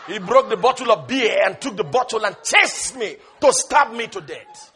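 A man preaching a sermon with passion, swinging between shouted lines and hushed asides, and telling stories with a laugh. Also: high voice, lively intonation, moderate pace, few pauses, husky, a faint crowd. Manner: impassioned, shouting bursts and sudden hushed asides; storytelling with laughter.

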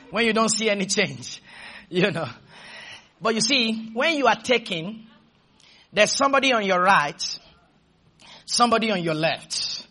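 A man preaching a fervent sermon, shouting at times and leading the congregation in call-and-response. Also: sits high.

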